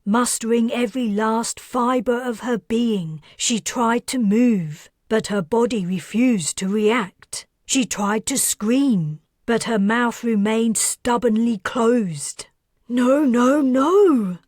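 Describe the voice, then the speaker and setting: Slow, husky woman narrating an audiobook. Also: a little high, darkish tone, no echo, studio quality.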